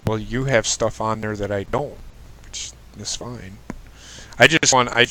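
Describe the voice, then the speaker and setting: A man hosting a casual live stream chat, joking around, swearing and laughing loudly. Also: lowish voice, unhurried, slight background noise. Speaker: stream host.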